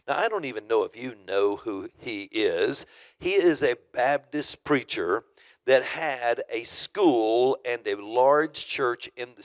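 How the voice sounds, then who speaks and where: A man's voice: a little high, dry recording. A middle-aged male pastor teaching at a church conference, telling stories and acting out quotes with emphasis. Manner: storytelling, emphatic, acts out quotes. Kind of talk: sermon-style teaching. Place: church auditorium.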